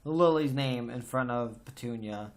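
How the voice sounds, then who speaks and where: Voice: mid-range voice, a little slow. A podcast host in a casual book discussion, talking emphatically and venting strong opinions.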